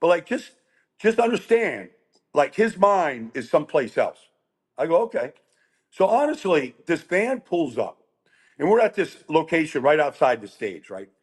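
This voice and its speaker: Animated male guest telling rambling stories. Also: a little high, moderate pace, husky. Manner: animated, rambling with restarts and quoted voices. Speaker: guest storyteller. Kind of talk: casual storytelling chat.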